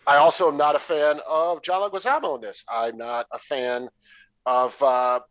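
A man from the Detroit area co-hosting a casual movie review podcast, talking in a blunt, animated and profane way. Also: a little high, moderate pace, no room sound, rough recording. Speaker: podcast co-host.

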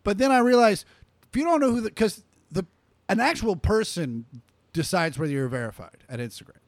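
A man's voice: sits high, lively intonation, fairly quick, dry recording. A man co-hosting a comedy podcast, chatting casually, loose and profane, laughing often. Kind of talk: casual chat.

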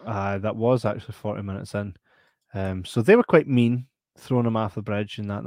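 A Scottish man co-hosting a casual podcast, retelling a film in an animated, sweary way. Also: lowish voice, moderate pace, no echo, clean studio sound. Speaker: podcast co-host. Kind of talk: casual late-night chat.

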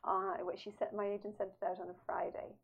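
Woman author guest, animated storyteller, laughs often, mid pitch, a little dull and hissy. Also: brisk, creaky, slightly rough. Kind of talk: casual interview storytelling. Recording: slightly dull audio with faint noise.

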